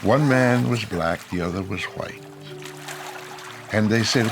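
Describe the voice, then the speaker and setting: A man telling a personal faith story slowly and deliberately in a documentary. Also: lowish voice, gravelly, over music. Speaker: interviewee. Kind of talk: documentary testimony.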